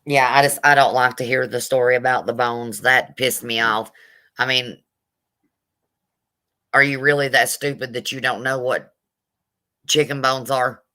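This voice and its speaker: A woman streaming her casual commentary on a video, blunt, sassy and quick to swear. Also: very deep voice, fairly even intonation, bright, forceful tone.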